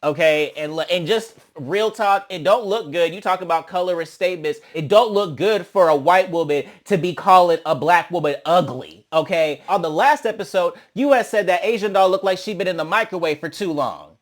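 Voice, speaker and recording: A sassy young man recaps reality TV in a loose, chatty way. His voice sits a little high for a man, and he keeps jumping into exaggerated mocking impressions of the people he's talking about. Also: normal speed, hardly any pauses. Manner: sassy, animated, swings into mocking quoted voices. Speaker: reality show recap host. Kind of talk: casual commentary recap.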